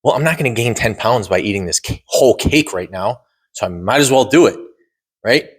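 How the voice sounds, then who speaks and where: A man's voice: fairly low pitch, expressive, brisk, breathy edge. A man co-hosting a podcast, chatting casually, rambling and often checking in with "right?". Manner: rambling, repeats words and says "right?" often. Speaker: podcast co-host. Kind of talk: casual chat.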